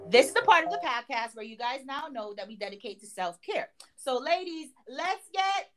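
A young woman from Jamaica chatting as a podcast co-host, her pitch leaping high and low as she acts out both sides of a quarrel. Her voice sits a little above the usual and stays lively throughout. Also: normal speed, faint music behind. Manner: animated storyteller acting out both sides of a quarrel. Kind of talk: casual chat.

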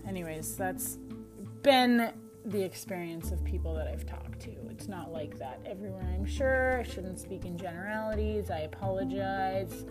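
A woman's voice: medium pitch, normal speed. A young Canadian woman hosting a solo audio diary podcast, chatty and blunt, often mocking herself. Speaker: podcast host. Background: music.

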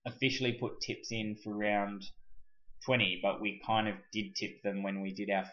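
A man's voice: on the low side, fairly even intonation, normal speed, bright, forceful tone. A man co-hosting a casual podcast chat, explaining things with fillers. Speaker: podcast co-host. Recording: dull lo-fi recording.

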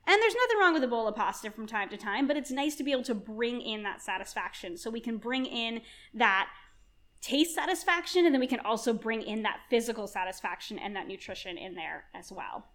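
Woman chef in her 30s rambling on excitedly in a podcast chat, a bit high-pitched. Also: brisk. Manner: rambling, enthusiastic, asks herself questions. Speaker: chef and culinary nutrition guest. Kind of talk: conversational podcast interview.

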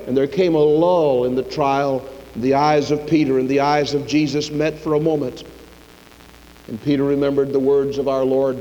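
A man preaching a sermon, retelling the story dramatically, dropping low and quiet, then rising loud. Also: flat delivery, a little fast, muffled recording. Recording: long reverb of a large hall.

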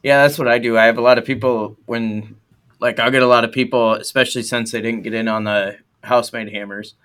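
A man's voice: medium pitch, fairly even intonation, a little fast, fairly bright tone. A man who makes hammers, chatting casually on a podcast, laid-back, swearing freely and laughing often. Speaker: blacksmith and podcast host. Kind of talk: casual chat.

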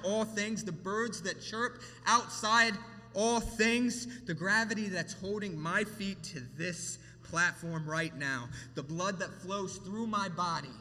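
A man preaching a sermon from a church platform, with emphatic rises and hushed drops in his delivery. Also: high voice, in a large hall. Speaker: pastor.

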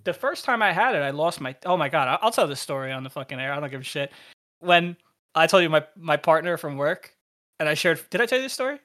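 Young male podcast co-host, bright raised voice, animated profane storyteller. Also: fairly high pitch, quick pace. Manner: animated, swearing, laughs while telling stories.

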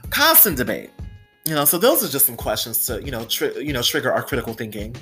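A woman's voice: rumbling low, sing-song, fairly quick, a bit bright, soft background music. A woman hosting a solo podcast, talking candidly and with plenty of swearing, often saying "you know" and "right?". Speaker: podcast host.

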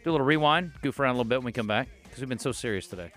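A man's voice: expressive, very fast, fairly bright tone, soft background music. A man hosting a sports radio show, chatting casually and doing upbeat live ad reads. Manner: upbeat pitchman on the sponsor reads.

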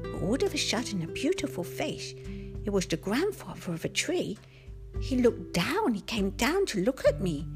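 A woman's voice: a little high, sing-song, normal speed, a little mellow, soft background music. A woman voicing a cheerful little boy unicorn who tells a children's story in a playful, sing-song way. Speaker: host.

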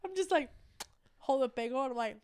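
A woman co-hosting a comedy podcast, telling an office story with animated quoting and frequent laughter. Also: high-pitched, a little fast, clean tone, no echo. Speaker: podcast co-host.

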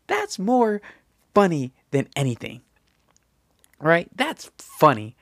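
A man's voice: wildly swooping pitch, unhurried, pauses often, dry recording. Young guy rambling thru a story, slangy, keeps saying right, dry close sound. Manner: pitch jumps high when quoting himself. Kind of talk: casual anecdote.

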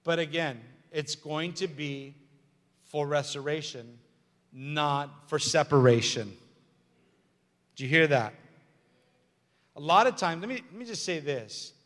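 A man's voice: fairly high pitch, lively intonation, slow, long pauses, a bit bright. A man preaching a sermon as pastor, emphatic and repetitive, with joking asides. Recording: long hall reverb with faint music.

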